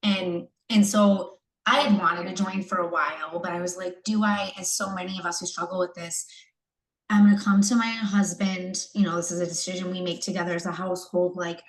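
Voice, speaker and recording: Her voice is fairly low with fairly even intonation and a slightly fast pace, recorded in an echoey room at low quality. She's a young pregnant woman from the US, in her third trimester, rambling emotionally through a candid video-call testimonial as a coaching client, with many fillers and restarts.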